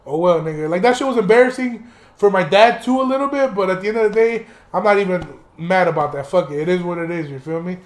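A man's voice: sits high, quick pace, reverberant. A young man hosting a podcast, telling a rambling, profane story in a casual monologue and laughing now and then. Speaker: podcast host.

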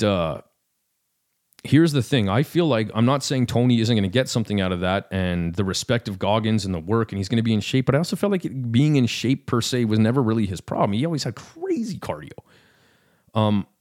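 A man's voice: fairly low pitch, a little mellow. A man hosting a fight podcast, chatting casually in a rambling, self-deprecating way with lots of fillers. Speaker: podcast host. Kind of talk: casual chat about fights.

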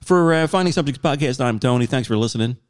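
A middle-aged man, hosting a casual podcast chat and telling stories with lively quoted voices and frequent laughs. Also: quick pace, smooth. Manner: animated storyteller, jumps into high put-on quotes, laughs often. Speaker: podcast host.

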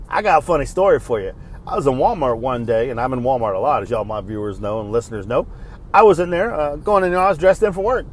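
A man's voice: medium pitch, a little hiss or hum. A middle-aged man, hosting a podcast in a blunt, profane, fired-up rant. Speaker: podcast host. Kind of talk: casual ranting monologue.

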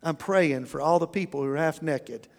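A middle-aged man preaching from the pulpit with a high, light voice that rings out with the long reverb of a church hall. His delivery is folksy and humorous, and he often stumbles and restarts his sentences as he works the room. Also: moderate pace, vocal fry. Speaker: pastor. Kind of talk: sermon. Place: church auditorium.

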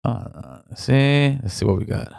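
A man's voice: medium pitch, measured pace, vocal fry, a little mellow, no echo, clean studio sound. A middle-aged man hosting a casual call-in show, loose and slangy, repeating himself as he talks.

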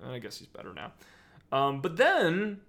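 A man's voice: on the high side, huge pitch swings, normal speed, creaky, fairly bright tone. A man co-hosting a podcast, chatting in a rambling, crude, joking way with lots of fillers and laughs. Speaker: podcast co-host. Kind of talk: casual podcast banter.

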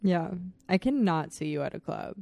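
A woman's voice: on the low side, moderate pace, vocal fry. Profane, laughing young woman telling stories. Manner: profane, animated storyteller, laughs often. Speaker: podcast co-host. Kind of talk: casual chat, storytelling.

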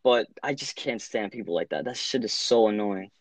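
A man's voice: lowish voice, expressive, normal speed, dry recording. A young man talks in a loose, blunt, profane way, packing every sentence with "like" and restarts. The sound is dry and close, with no room heard around him. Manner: blunt, swearing, heavy filler words. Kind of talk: casual chat.

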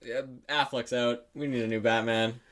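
A man's voice: mid-range voice, steady tone, moderate pace, fairly bright tone. A young man co-hosting a podcast, chatting casually, rambling with lots of fillers, frequent laughs and casual swearing. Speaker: podcast co-host. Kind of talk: casual chat.

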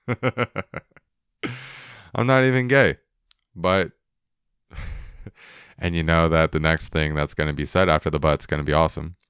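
Casting: young male podcast host, deep and unhurried, smooth clear voice, dry close mic, jokey and loose. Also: a bit bright, no room sound. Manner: laid-back, joking, swearing, laughing often. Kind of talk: casual solo podcast chat.

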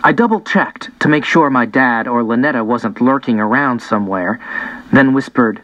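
A man reading a story aloud in an expressive first-person narration. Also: medium pitch, normal speed, no echo, poor audio. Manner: lively, expressive reading with voiced dialogue. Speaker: audiobook narrator.

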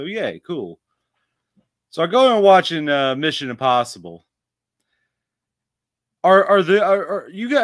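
A man co-hosting a podcast, rambling along with plenty of fillers and casual swearing. His voice has a bright, forward edge, and the sound is close and dry with no room around it. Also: medium pitch, no echo. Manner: rambling, swears freely, many filler words. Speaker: podcast co-host. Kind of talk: casual chat.

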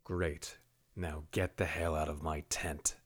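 A man's voice: extremely low pitch, flat delivery, slow pace, slightly rough, exaggerated voice. A man voicing a cold, commanding warrior captain who speaks with mocking menace.

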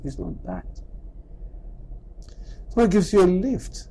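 There's slight background noise and poor audio as a middle-aged man with a high-sitting voice speaks at a measured pace, pausing at length. Animated, he delivers a motivational talk on character, weaving in stories and acting out little exchanges.

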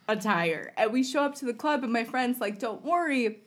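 A woman from the Los Angeles area, guesting on a podcast, tells a long casual story at a moderate pace in a fairly high voice. She acts out what people said in changing voices and laughs often.

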